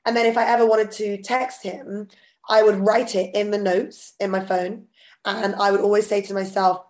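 Chatty, expressive woman podcast co-host. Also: medium pitch, normal speed. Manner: chatty, expressive, personal storytelling. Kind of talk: casual podcast chat.

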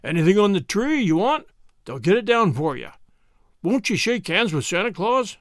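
Man doing a grave, folksy Western miner for a storybook reading, fairly high voice, dry close sound. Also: big pitch swings, normal speed, dry recording. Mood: hearty. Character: gruff Western mining-camp man, grave and generous.

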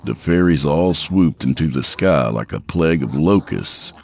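Very deep, gravelly male horror narrator. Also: lively intonation. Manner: measured, dark storytelling. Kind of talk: scripted narration.

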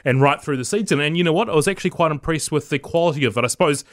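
A man's voice: on the high side, racing, dry recording. A New man, a rugby editor, chatting easily in a radio studio interview.

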